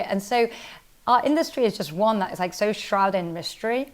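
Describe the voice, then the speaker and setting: Chatty woman founder, quick and filler-heavy. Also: medium pitch. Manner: fast, animated, heavy use of "like" and "literally". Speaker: startup founder and CEO, interview guest. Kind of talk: casual interview conversation.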